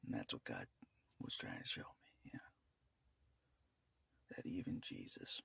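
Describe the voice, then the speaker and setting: A man with a very deep, gravelly voice that drops into a husky whisper. His pitch swings widely as he rambles to the camera, and he laughs often between phrases. The sound is close and dry. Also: sing-song, slow pace, long pauses, a bit bright, no echo. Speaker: vlogger. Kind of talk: casual monologue to camera.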